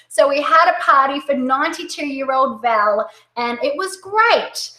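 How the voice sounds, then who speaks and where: Upbeat Australian woman coaching a webinar, bright tone, roomy echo. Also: high voice. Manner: excitable, upbeat, talks fast. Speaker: direct sales coach. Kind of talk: webinar presentation.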